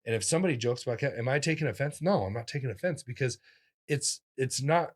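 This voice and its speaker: A man, a comedian, telling stories in a casual interview, animated and acting out the voices of people he quotes with sudden jumps in pitch. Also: fast. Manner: talks in restarts and fillers, lively physical-comic energy. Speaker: comedian guest.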